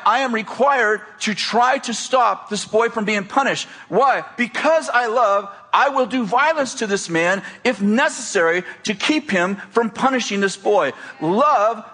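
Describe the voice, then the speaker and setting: A man's voice: sits high, pushed and bright. A middle-aged male pastor preaching to a congregation in a conversational, joking manner. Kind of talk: sermon. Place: church before a congregation.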